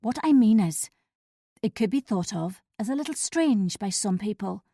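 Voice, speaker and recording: An uneasy man picks his words with care and falters as he confronts a friend, as read by a woman narrator. The tone is warm and mellow. The recording is close and dry. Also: medium pitch, lively intonation, normal speed, dry recording. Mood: awkward, guarded. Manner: awkward, faltering.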